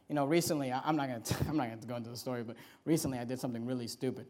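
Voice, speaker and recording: A man preaching a sermon, acting out quotes with sudden loud bursts and joking asides to the congregation. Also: mid-range voice, rapid-fire. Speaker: pastor.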